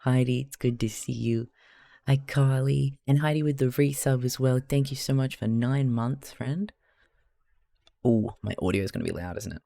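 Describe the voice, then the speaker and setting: A man's voice: mid-range voice, normal speed, creaky, mellow, no room sound. An Australian man who streams live, talking casually and chattily to his chat while he crafts, rambling a little, laughing often and swearing freely.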